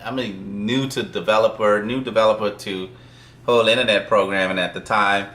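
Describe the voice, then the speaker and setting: A man who works as a software developer tells a work story in a loose, rambling way, with many fillers and small chuckles. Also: on the low side, steady tone, moderate pace, roomy sound. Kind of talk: casual storytelling.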